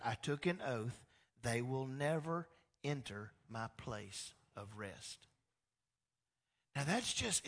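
A man preaching a sermon as pastor, animated and acting out quoted dialogue, swinging between loud emphatic peaks and quiet low passages. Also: husky. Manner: animated, acts out God and the people in quoted dialogue.

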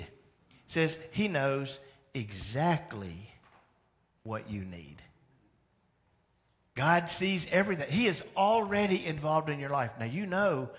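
A male pastor preaching to his church with a lively, conversational delivery. His voice sits a little higher than most men's, and he slips into acted-out dialogue as he goes. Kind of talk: sermon. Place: church sanctuary.

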